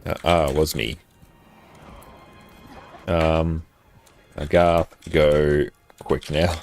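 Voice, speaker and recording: A man's voice: rumbling low, very slow, soft background music. An Australian man from South Australia, chatting casually with his viewers while he plays a game, reading out their questions and laughing easily. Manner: relaxed, chatty, reads out chat and laughs easily. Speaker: live streamer. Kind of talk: casual chat while gaming. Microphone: desk microphone.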